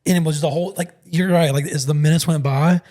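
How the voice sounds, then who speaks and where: A man co-hosting a podcast, telling a story in casual, excitable chat, calling people bro and dude. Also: a little high, fast.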